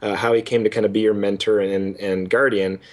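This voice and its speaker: Animated young man ranting about a game. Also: fairly low pitch, brisk. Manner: animated, mocks lines with exaggerated voices. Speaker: podcast co-host. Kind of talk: casual game review chat.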